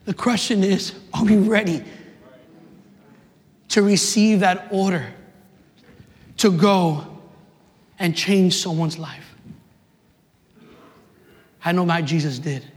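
A man preaching a sermon with passion, repeating his phrases and swinging from shouts to hushed tones. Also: sits high, slow pace, pauses often. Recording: long reverb of a large hall.

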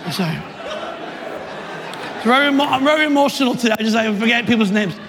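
A man, preaching passionately to young people, rising to emphatic shouts and dropping in joking asides. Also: very high voice, quick pace, a crowd in the background, background noise. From New York City, USA. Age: 30s. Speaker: youth minister. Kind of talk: preaching to a live audience. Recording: reverberant hall.

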